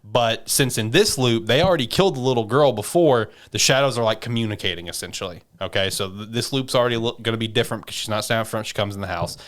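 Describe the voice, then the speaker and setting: A man's voice: medium pitch, fast, few pauses, fairly bright tone. A man hosting a podcast, casually retelling an anime episode in a rambling way with lots of fillers and swearing. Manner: rambling, filler-heavy storytelling with profanity. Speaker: podcast host.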